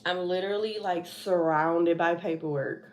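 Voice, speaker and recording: A woman's voice: fairly low pitch, steady tone, moderate pace. A young woman hosting a casual livestream from home, anxious and rambling, sighing and laughing nervously as she talks. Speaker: trucking vlogger.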